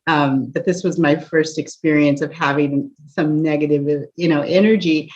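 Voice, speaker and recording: Animated woman telling a story. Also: low-pitched, normal speed. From United States. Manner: animated storyteller, laughs often, asides to listener. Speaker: empath coach. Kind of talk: storytelling encouragement talk. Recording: dull lo-fi recording.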